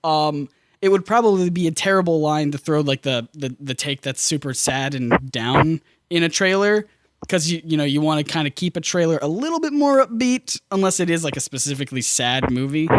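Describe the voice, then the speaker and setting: A man's voice: a little high, lively intonation, fairly quick, no room sound, clean studio sound. A young man co-hosting a podcast, chatting casually about a film, rambling and correcting himself as he acts out lines. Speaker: podcast co-host.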